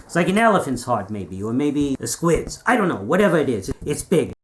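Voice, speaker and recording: Animated woman improvising a playful scene. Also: deep voice, a little fast, soft background music. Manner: musing, playful.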